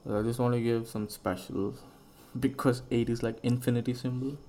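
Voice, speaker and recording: A man's voice: medium pitch, steady tone, normal speed, mellow, a little hiss or hum. A young man hosting a casual solo podcast, rambling and musing aloud and swearing freely. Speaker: podcast host.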